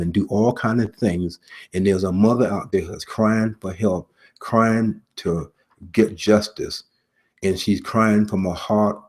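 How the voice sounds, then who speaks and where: A middle-aged man with a low, husky voice delivers a sermon-style message. He speaks earnestly, repeats his key phrases and pauses between them. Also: darkish tone. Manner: earnest, repetitive preaching with pauses. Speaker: preacher, former police officer.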